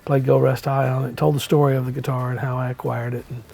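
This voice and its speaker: Gravelly-voiced middle-aged man telling a story. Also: medium pitch, fast talker. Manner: relaxed, rambling, with many "and, uh" fillers; acts out quoted lines in the story. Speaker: musician guest. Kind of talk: casual anecdotal storytelling.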